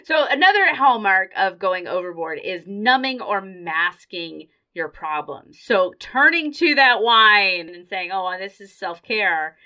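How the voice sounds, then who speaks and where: A woman co-hosting a podcast, talking in a measured, reflective, conversational way. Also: medium pitch, big pitch swings, sharp tone. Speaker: podcast co-host. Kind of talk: casual podcast chat.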